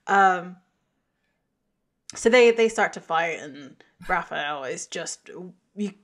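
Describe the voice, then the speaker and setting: A woman's voice: fairly low pitch, lively intonation, slow. A woman co-hosting a podcast, chatting casually as she recaps an episode, laughing often and quoting lines in funny voices. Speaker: podcast co-host.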